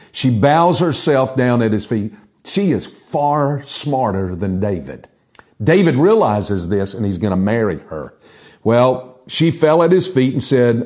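A middle-aged man preaching a sermon, telling Bible stories in a lively way and acting out the characters' lines. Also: medium pitch. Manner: lively storytelling, acting out quotes. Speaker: pastor.

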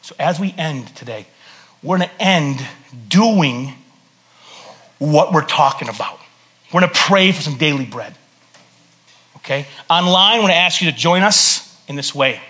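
A man preaching a sermon as a pastor in a church service, conversational and joking, swinging between loud bursts and hushed earnest tones. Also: medium pitch.

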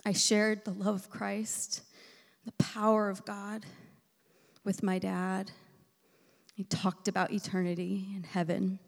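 Woman preaching in a hall with gravelly edges. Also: mid-range voice, little pitch movement, takes it slowly, long pauses. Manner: emotional, shifting between loud emphasis and hushed near-whispers. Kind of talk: sermon with personal story. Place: church sanctuary. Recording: echoey hall reverb.

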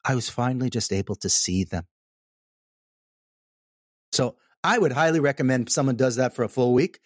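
A man telling a personal story in casual conversation, animated and emphatic. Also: mid-range voice, moderate pace, no room sound, clean studio sound. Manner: animated, emphatic, repeats "okay?" for effect.

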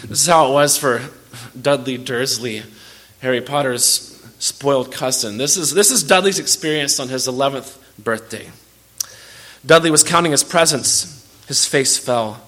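A man's voice: mid-range voice, moderate pace, bright, forceful tone. A man preaching a sermon as pastor, earnest and direct, often repeating words as he restarts a phrase.

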